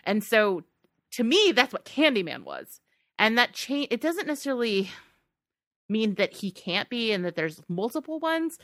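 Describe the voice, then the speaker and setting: A woman co-hosts a podcast in casual conversation, rambling and laughing often. Her fairly high, fairly bright voice swings widely in pitch at a moderate pace, captured in clean studio sound with no room sound.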